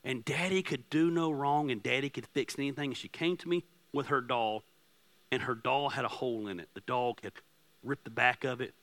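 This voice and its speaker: A pastor in his forties preaches a sermon, conversational yet impassioned, at times rising nearly to a shout. He speaks at medium pitch and moderate pace, telling stories about his family with a self-deprecating touch.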